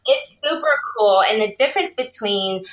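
A woman's voice: mid-range voice, lively intonation, moderate pace, fairly bright tone. A woman in her thirties, a podcast guest and small business owner, explaining things at length in casual chat and laughing often. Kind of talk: casual interview talk. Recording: roomy echo.

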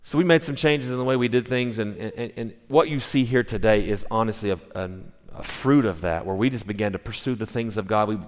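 A man's voice: lowish voice, brisk, hardly any pauses. Man preaching a sermon in a reverberant hall. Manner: conversational storytelling, frequent restarts. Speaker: pastor. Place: church sanctuary. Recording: long reverb of a church hall.

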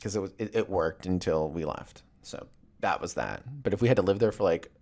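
Here a man with a deep voice and some vocal fry speaks a little quickly. His rant is loose and funny, a profane, rambling run of stories delivered with real animation.

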